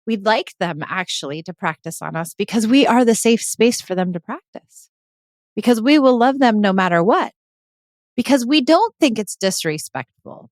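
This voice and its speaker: A middle-aged woman talks on her own parenting podcast in an earnest, reflective way, now and then acting out what children and parents think. Her voice sits at a middle pitch. It is recorded close on a podcast mic with a dry, dead sound. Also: dry recording. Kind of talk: solo podcast talk.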